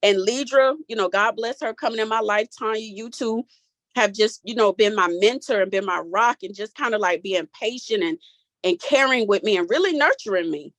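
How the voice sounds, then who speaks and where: A woman in her forties, here as a guest, recounts her personal story in a group talk with candid, casual, Southern-tinged speech. Her mid-range, fairly bright voice keeps a normal speed but cracks as she holds back tears. No echo is present.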